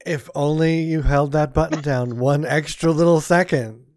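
A woman's voice: low-pitched, fairly even intonation, darkish tone, dry recording. A woman in casual chat, reacting to a story with short replies and frequent laughs. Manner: slow, responsive, laughs often.

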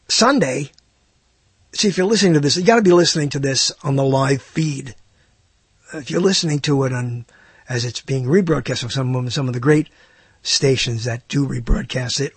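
A man's voice: medium pitch, husky, dry recording. A man hosting a live internet radio talk show, rambling and hesitant, with self-mocking asides.

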